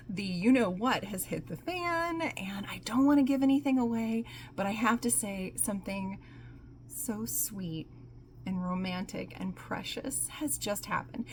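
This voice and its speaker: Woman, book vlogger, casual and excitable, laughs and squeals, faint background hiss. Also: medium pitch. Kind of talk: casual book review vlog.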